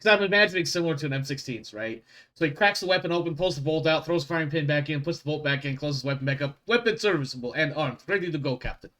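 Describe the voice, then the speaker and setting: A man's voice: on the high side, racing, fairly bright tone. A man narrating a tabletop game as game master, who laughs easily and jokes at his own expense. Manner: laughs easily, self-deprecating.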